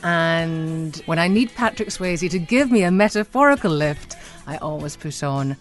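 A woman giving a wistful, measured interview soundbite. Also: low voice, animated, soft background music.

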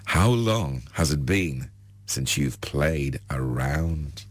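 A man voicing a sultry blonde woman diver who speaks slowly and teasingly. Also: animated, dry recording, heavily acted. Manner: slow, low, teasing.

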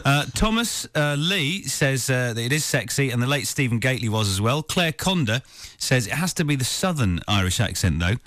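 A man's voice: medium pitch, big pitch swings, moderate pace, few pauses, fairly bright tone. A young man hosting a breakfast radio show, reading listener texts aloud and laughing often. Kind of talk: casual radio banter.

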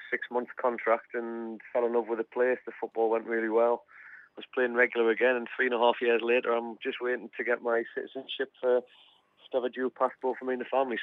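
A man's voice: medium pitch, no echo. A man in his thirties with a Geordie accent, a footballer guest chatting casually over the phone and calling the host "mate" a lot. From North East England. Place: Australia, over a phone line. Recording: tinny phone line.

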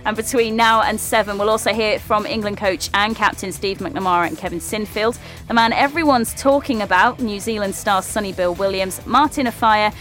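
A woman hosting a live radio sports show, presenting in a brisk and upbeat way from a studio microphone. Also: medium pitch, a bit bright. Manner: brisk and upbeat, reads a quick rundown.

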